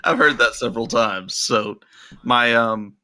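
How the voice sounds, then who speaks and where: A man being interviewed on a podcast, explaining his work in a measured, step-by-step way. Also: mid-range voice, bright, forceful tone. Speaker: podcast guest, role-play video creator. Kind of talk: casual interview chat.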